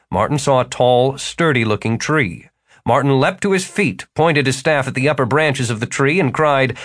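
Male audiobook narrator, steady storytelling. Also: medium pitch, dry recording, studio quality. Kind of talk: scripted fantasy narration.

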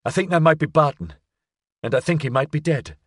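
A man's voice: fairly high pitch, fairly quick, no room sound, studio quality, pitched above the performer's own voice, natural voice. A male narrator voicing a tense, wary woman agent in an audiobook, speaking urgently and demandingly.

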